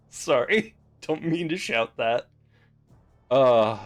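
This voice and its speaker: A man streaming a reaction, swearing and swinging from loud outbursts to low mutters. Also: animated, unhurried. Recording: faint background music.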